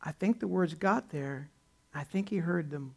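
A man's voice: on the high side, a little slow, vocal fry, a little mellow. A man pastor preaching a sermon in a conversational way, acting out the people he quotes.

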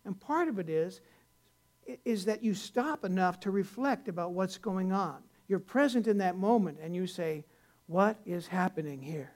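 A man's voice: high voice, normal speed, darkish tone. An older man, a pastor, preaching a conversational sermon in a folksy, rambling way, with many restarts, rising to earnest emphasis.

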